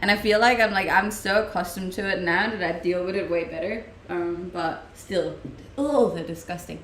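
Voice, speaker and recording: A woman's voice: lowish voice, normal speed, fairly bright tone, slight background noise. A young woman from Denmark with a Danish accent, chatting casually on a live stream and answering viewers' questions, laughing often. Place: room at home, streaming. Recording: roomy home-mic sound.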